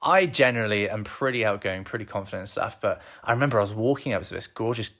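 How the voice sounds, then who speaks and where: A man's voice: lowish voice, fast talker, a bit bright. A young man in his twenties co-hosting a couple's podcast, chatty and teasing, laughing often as he tells the story. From England. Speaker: podcast co-host. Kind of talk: casual couple chat.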